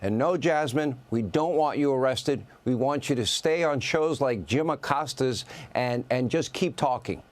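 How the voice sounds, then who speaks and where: A man's voice: medium pitch, unhurried, few pauses. A man hosting a news opinion segment, delivering a sarcastic monologue in punchy lists. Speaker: news host.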